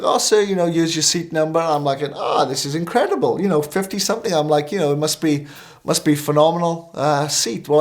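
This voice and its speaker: A man, a minister, telling a story as a talk-show guest, animated and acting out the lines of people in it. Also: a little high. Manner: animated, acting out quoted dialogue.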